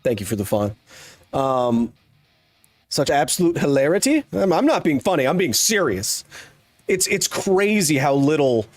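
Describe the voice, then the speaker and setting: A man's voice: fairly high pitch, big pitch swings, normal speed, no room sound, soft background music. A man hosting a live stream, ranting casually in a sarcastic, exasperated way. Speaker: streamer host.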